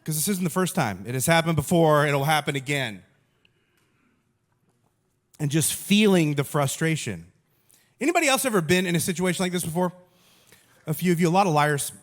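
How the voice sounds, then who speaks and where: A man with a fairly high voice preaches a sermon full of jokes at his own expense. His storytelling is animated and lively, and he pokes fun at himself as he goes. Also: normal speed, pauses often. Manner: animated, self-mocking storytelling. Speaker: pastor. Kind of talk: humorous sermon.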